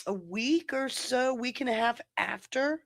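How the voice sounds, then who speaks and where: A woman with a slightly high voice, recorded close and dry. She co-hosts a live stream in a loose, rambling way, pokes fun at herself, and laughs easily. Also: lively intonation, a little slow, gravelly, no echo. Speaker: co-host of a live stream show. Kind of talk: casual chat.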